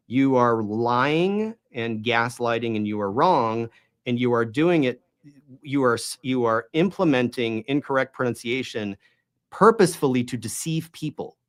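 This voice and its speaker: A man's voice: medium pitch, animated, moderate pace. A man hosting a Bible study channel, explaining at length in an emphatic, argumentative way and often checking in with the listener. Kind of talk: explanatory monologue on Greek pronunciation.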